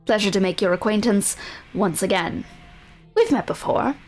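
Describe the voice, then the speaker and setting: A woman voicing a cold, mocking sorceress who taunts in a calm voice. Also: medium pitch, moderate pace, soft background music, close to an everyday voice. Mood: cool.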